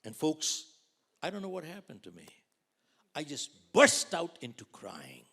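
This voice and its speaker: A man in his sixties from India, giving a dramatic storytelling keynote that swings between loud outbursts and near whispers. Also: fairly high pitch, huge pitch swings, measured pace, slightly rough. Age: 60s. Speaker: motivational speaker.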